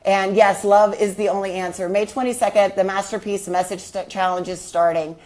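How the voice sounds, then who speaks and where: A woman's voice: mid-range voice, steady tone, fairly quick, darkish tone. A woman, a healing coach, telling a personal story in an earnest, reflective way, often asking her listeners questions.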